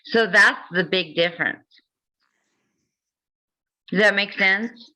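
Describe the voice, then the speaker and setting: A woman's voice: medium pitch, takes it slowly, bright, forceful tone, poor audio. A woman hosting a casual talk, reading passages aloud and adding joking asides. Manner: reads passages then comments with jokes and laughs. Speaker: host.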